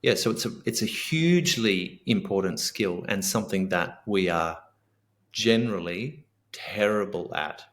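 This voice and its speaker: An earnest, middle-aged man talks in a fairly low voice as a podcast guest. He explains his ideas reflectively and slips into short spoken examples of what he would say to someone. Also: unhurried, a bit bright. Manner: earnest, reflective, acts out sample dialogue. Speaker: guest author and coach. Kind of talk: podcast interview.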